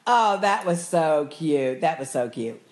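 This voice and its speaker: A woman's voice: low voice, measured pace. A woman co-hosting a podcast, chatting casually as she animatedly retells a TV episode. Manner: animated storyteller, acts out quotes. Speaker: podcast co-host. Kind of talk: casual TV recap chat.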